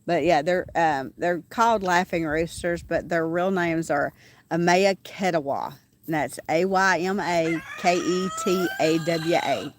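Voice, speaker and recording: A woman talks in a chatty, rambling way, with plenty of "um"s, and her voice sits a touch low. She is outdoors on a small farm during a casual livestream, and roosters and farm animals faintly crow and call behind her. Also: a little slow, noisy background. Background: roosters crowing and farm animals.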